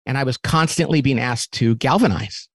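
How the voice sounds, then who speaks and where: A man who runs a company, talking as an interview guest and lively acting out quoted remarks as he explains a model. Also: mid-range voice, normal speed, breathy edge, no room sound. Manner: animated, acts out quotes in different voices; repeats words when restarting.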